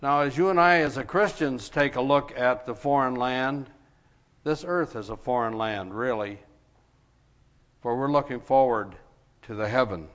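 Slow halting man preaching a sermon. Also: mid-range voice, fairly bright tone, big-room sound. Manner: halting, many "uh" fillers. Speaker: pastor. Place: church sanctuary. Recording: lo-fi church broadcast.

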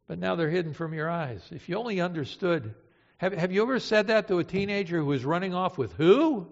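A man preaching a sermon, emotive, moving between hushed and impassioned delivery. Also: high-pitched, expressive, fairly quick, creaky. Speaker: pastor. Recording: reverberant hall, dull lo-fi sound.

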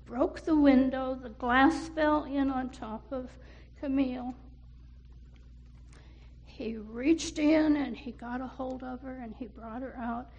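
Slow, high-voiced woman storyteller. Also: steady tone, muffled recording. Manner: slow, questions to listeners. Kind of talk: telling a story to children.

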